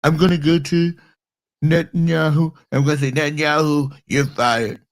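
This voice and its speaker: A man's voice: fairly high pitch, flat delivery, normal speed, close to an everyday voice. A man voicing a pompous, self-important politician who repeats himself and grandstands in a comedy impression skit. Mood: grandstanding. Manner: repetitive, grandstanding.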